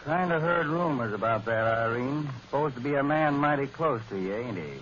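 An actor playing a folksy cowboy movie star with a drawl in 1940s radio acting. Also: male voice, mid-range voice, expressive, moderate pace, a bit bright, a little hiss or hum, natural voice. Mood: pleading. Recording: lo-fi old radio broadcast.

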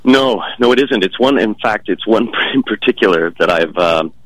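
A man's voice: fairly low pitch, animated, normal speed, fairly bright tone, no room sound, rough recording. A man being interviewed about his stage work, speaking casually with many fillers and restarts.

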